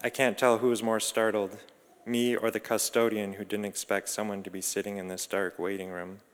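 A man narrates a reflective first-person story with calm, measured delivery. His voice is low and smooth, with little rise and fall, and it rings out with a long reverb.

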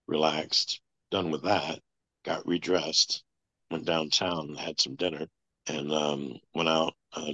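A man telling a long personal story as an interview guest, in a flat, matter-of-fact way. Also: extremely low pitch, husky, no room sound. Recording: dull lo-fi sound.

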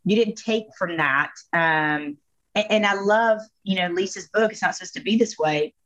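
A woman speaking as a guest on a faith podcast, telling personal stories in an expressive, emphatic way. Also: mid-range voice, moderate pace. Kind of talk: faith-based podcast conversation. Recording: slightly dull lo-fi audio.

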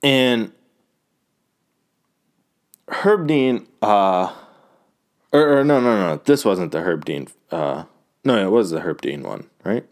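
Man, casual fight recap, rambling, profane, low voice, unhurried. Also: animated. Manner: rambling, loose and profane, many fillers. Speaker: fight fan recapping a card. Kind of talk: casual talk.

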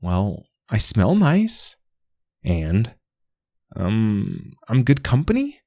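A man's voice: on the low side, wildly swooping pitch, very slow, dark tone, dry recording, studio quality, voice pushed up, full character voice. A man voicing a timid, eager young male basil plant in a storybook reading, pleading and apologetic. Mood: earnest.

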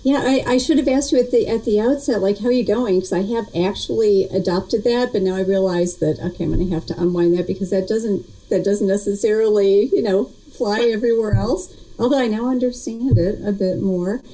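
A woman's voice: medium pitch, fairly quick, hardly any pauses, mellow, low-quality recording. A woman being interviewed as a guest, chatting casually and reflectively with frequent restarts. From United States. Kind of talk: casual remote interview chat.

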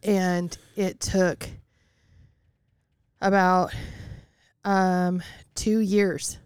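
A woman's voice: fairly low pitch, flat delivery, drawn-out words, a little mellow, clean tone, no room sound, clean studio sound. A woman as a podcast guest, recounting a painful personal experience in a matter-of-fact way. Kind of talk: personal interview.

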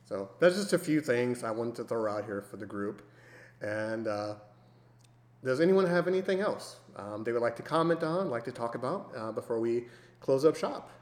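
A man's voice: mid-range voice, animated, moderate pace. A man hosting a podcast in casual chat, sardonic with dry jokes, passing the talk around. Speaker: podcast host. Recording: roomy echo.

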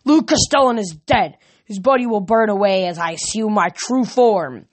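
Woman doing a furious ancient titan guy, shouts everything, menacing. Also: medium pitch, expressive, moderate pace, husky. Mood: raging. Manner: shouted, forceful outbursts. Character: ruthless ancient male Titan lord, menacing.

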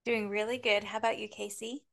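A woman's voice: mid-range voice, level tone, brisk, gravelly, no room sound, studio quality. A woman in her forties co-hosting a podcast, chatting in a rambling way with many ums. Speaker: podcast co-host. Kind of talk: casual chat.

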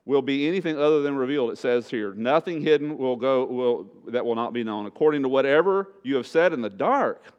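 With a slightly mellow, clean tone, this pastor delivers his sermon a little fast and with few pauses, emphasizing and repeating key phrases. The sanctuary recording sounds dull and low-fi.

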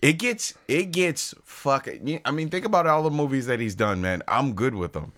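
A man co-hosting a film podcast in casual chat, with a laid-back, drawn-out delivery. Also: mid-range voice, expressive, fairly bright tone. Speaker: podcast co-host.

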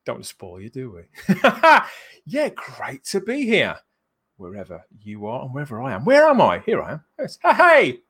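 A man's voice: mid-range voice, wildly swooping pitch, moderate pace, slightly rough. A man from England hosting a live-streamed chat show in a jokey way, chuckling between phrases. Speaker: host.

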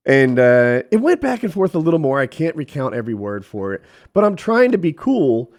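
Animated, swearing man telling a story. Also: mid-range voice, fairly quick. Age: middle-aged. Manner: animated, profane, quotes people in voices. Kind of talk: casual storytelling chat.

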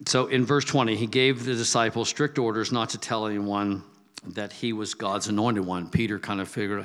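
A man's voice: on the low side, steady tone, moderate pace, fairly bright tone, in a large hall. An older man giving a casual Bible teaching, chatty, with asides and restarts. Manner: conversational, restarts and asides, acts out quotes.

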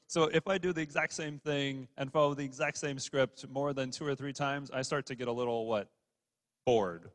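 A man's voice: fairly high pitch, fairly bright tone. Man preaching in a reverberant hall. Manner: conversational, with many repeated words and restarts. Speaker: pastor. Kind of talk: sermon.

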